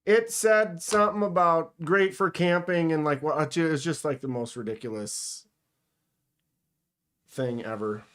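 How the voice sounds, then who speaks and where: A man's voice: a little high, a little slow, fairly bright tone. Joking man hosting a casual livestream. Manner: joking, sarcastic, talks to chat. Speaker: livestream host.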